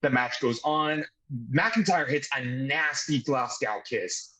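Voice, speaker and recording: A man from the United States hosting a casual wrestling review chat, excitable and swearing freely. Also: mid-range voice, slow pace, rough recording. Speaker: podcast host.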